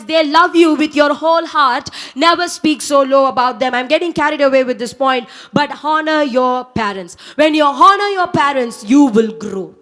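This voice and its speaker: High-voiced young woman preaching earnestly. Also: a bit bright. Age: young adult. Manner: earnest, exhorting, with emphatic repeated lines. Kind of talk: sermon. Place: church.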